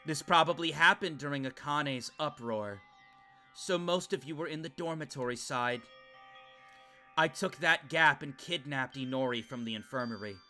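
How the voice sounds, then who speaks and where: A man's voice: medium pitch, pushed and bright, lightly acted. A man reading aloud as a remorseful young student culprit confessing in a fangame, with faint game music underneath.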